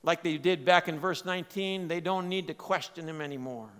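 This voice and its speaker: A man preaching a sermon, swinging between loud emphatic lines and quiet, low asides. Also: fairly quick, few pauses, clear, resonant tone. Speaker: pastor. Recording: long hall reverb.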